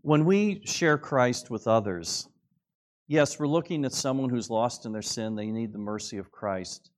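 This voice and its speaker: A middle-aged man preaching a sermon, earnest, shifting between quiet asides and raised, emphatic exclamations. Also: medium pitch, animated, measured pace. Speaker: pastor.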